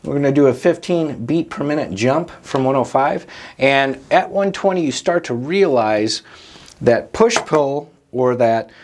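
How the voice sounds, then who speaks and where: A man teaching a drum lesson in a relaxed, explanatory way, counting off beats and checking in with listeners as he goes. His voice sits at an ordinary middle pitch. A faint noise hums behind him. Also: unhurried. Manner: relaxed, explanatory, frequent "okay" and "right?". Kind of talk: instructional lesson, counting aloud.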